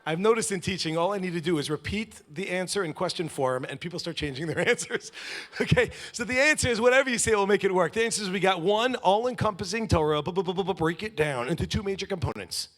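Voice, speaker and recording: A man teaching a live audience at an event, animated and quizzing the room with questions. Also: high voice, fast talker. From lives in Israel. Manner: animated, asks the audience questions, acts out little scenes. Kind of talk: lively talk to a live audience.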